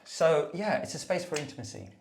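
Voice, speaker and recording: A man recording a rambling, reflective voice note in a bathroom, meandering and self-mocking, sometimes dropping to a soft murmur. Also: fairly high pitch, brisk, reverberant, slight background noise. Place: bathroom, at the bath. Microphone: phone voice note.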